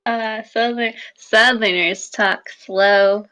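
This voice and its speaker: Very slow-talking woman player. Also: on the high side, steady tone, pushed and bright, highs cut off, faint music behind. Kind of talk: casual tabletop play.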